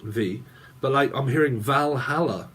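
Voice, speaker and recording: A man's voice: mid-range voice, measured pace, fairly bright tone, breathy edge. A man giving a rambling tarot reading, free-associating aloud, muttering strings of names and chuckling to himself. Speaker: tarot reader.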